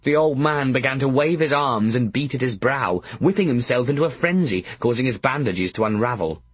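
A man's voice: mid-range voice, lively intonation, brisk, breathy edge, no echo. A man narrating a first-person audiobook in a wry, dry storytelling manner.

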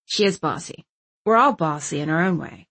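A woman narrating a first-person audiobook in an even, wry storytelling manner. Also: low voice, normal speed.

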